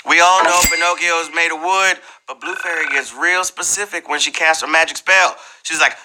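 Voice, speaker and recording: A man hosting a live trivia game show in a playful, slangy, animated way, teasing the players. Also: a little high, normal speed, noisy background.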